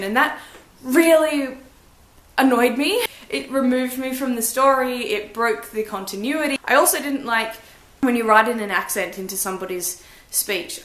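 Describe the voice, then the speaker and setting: A woman's voice: on the high side, moderate pace, fairly bright tone, reverberant. Blunt, chatty young woman reviewing books. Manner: blunt, chatty, self-deprecating. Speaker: book vlogger. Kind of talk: casual book review vlog.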